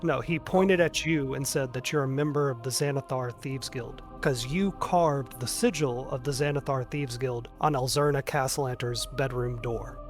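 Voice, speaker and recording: A man's voice: mid-range voice, moderate pace, hardly any pauses, over music. Casual male game master narrating. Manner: casual, frequent "like" fillers.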